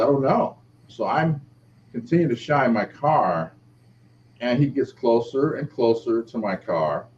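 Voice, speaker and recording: A middle-aged man, an author being interviewed, telling a personal story and acting out the quoted voices. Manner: lively, acts out quoted speech with shifting pitch. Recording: dull lo-fi audio with faint background noise.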